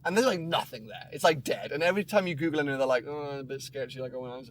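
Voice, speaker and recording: A young man chatting casually as a guest, telling animated stories and acting out quotes. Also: a little high, very fast. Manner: animated storyteller, acts out quotes. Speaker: YouTuber guest. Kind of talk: casual chat.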